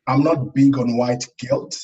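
Middle-aged guy from africa, talks slow and careful, lots of ums, kinda muffled lo-fi audio. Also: mid-range voice, fairly even intonation, mellow. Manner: thoughtful, hesitant with fillers. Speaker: panel guest. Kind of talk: casual discussion.

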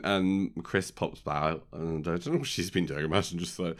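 A man's voice: low voice, fairly even intonation, normal speed, hardly any pauses, a bit bright, clean tone. A man, chatting casually as a podcast co-host, rambling and jokey with lots of fillers. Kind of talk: casual chat recapping a film.

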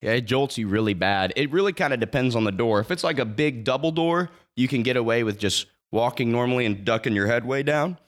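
A man's voice: mid-range voice, expressive, fairly quick, few pauses. A young man guesting on a podcast, explaining things in an earnest, matter-of-fact way. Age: young adult. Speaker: guest, university mascot performer. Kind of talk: casual podcast interview.

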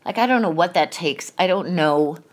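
A middle-aged woman with a lowish voice, speaking at normal speed, hosts a podcast and tells a painful family story. Her personal confessional monologue is candid and emotional, and she swears freely.

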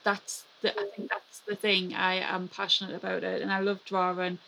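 A woman's voice: mid-range voice, completely flat delivery, normal speed, vocal fry, bright, forceful tone, slight background noise, poor audio. A woman with a Mackem accent from North East England, a guest chatting frankly in a casual interview, swearing freely and laughing often. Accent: Mackem (Sunderland).

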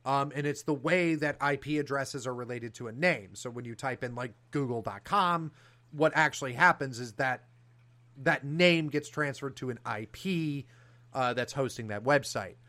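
A man hosting a political talk show, talking in an animated, sarcastic way with fillers and restarts. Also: medium pitch, normal speed. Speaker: podcast host.

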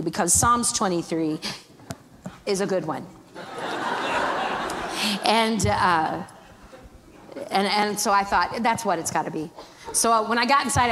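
A middle-aged woman, a guest minister, telling a lively storytelling sermon, acting out other people's voices and laughing often. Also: medium pitch. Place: church sanctuary. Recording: reverberant church hall, faint background noise.

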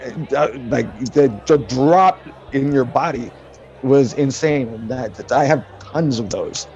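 A man recounts an anecdote with mounting excitement, jumping into the voices of the people in his story and scattering fillers between phrases. His voice sits at a middling pitch. The audio is slightly dull and lo-fi. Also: unhurried. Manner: excited, acts out quotes, many fillers. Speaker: guest musician. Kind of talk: animated storytelling.

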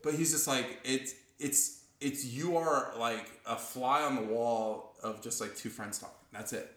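A young man co-hosting a podcast, chatting casually, excitable, laughing often and swearing. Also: mid-range voice, unhurried, echoey room. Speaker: podcast co-host. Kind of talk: casual chat.

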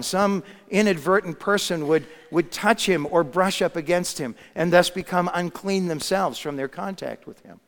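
A man's voice: high voice, normal speed. Preacher man telling a story in a reverberant hall. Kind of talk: sermon storytelling.

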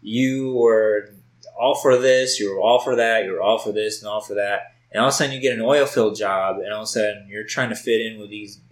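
A man's voice: lowish voice, fairly even intonation, a little fast, rough recording. A man in casual podcast chat, telling a story loosely and with swearing, recorded at home on a test mic. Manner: loose, profane storytelling with lots of "like". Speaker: podcast co-host.

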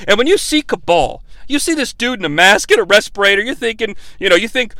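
Animated, swearing movie-review host. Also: male voice, sits high, fast talker, no echo. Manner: profane, sarcastic ranting. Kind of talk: comedic movie review rant.

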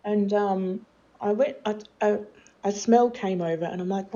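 A woman's voice: medium pitch, a little slow, mellow, dull audio. A middle-aged woman, telling her life story candidly as an interview guest, with many fillers and restarts.

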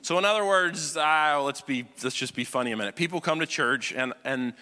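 A male pastor preaching a conversational sermon, often checking "you follow me?", swinging between loud emphasis and hushed intensity. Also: on the high side, fairly quick. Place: church auditorium. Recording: long reverb of a large hall.

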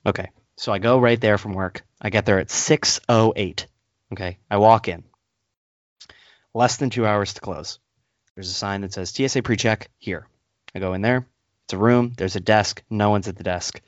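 A man co-hosting a podcast, telling an annoyed story in a casual rant and acting out the people in it with high put-on voices. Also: moderate pace, no echo. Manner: animated storyteller, acts out others in high voices. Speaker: podcast co-host. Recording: dull lo-fi, dry sound.

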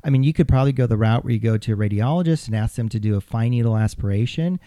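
Man, podcast host, relaxed explainer, mellow voice, dry recording. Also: medium pitch, rapid-fire, no room sound. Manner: relaxed explaining, filler-heavy, jokey. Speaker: podcast host, plastic surgeon. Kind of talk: casual podcast chat.

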